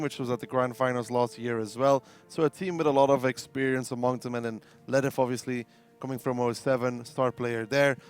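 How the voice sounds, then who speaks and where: A man's voice: mid-range voice, smooth. A man giving esports analysis as co-caster, thinking aloud with frequent fillers. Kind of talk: esports commentary.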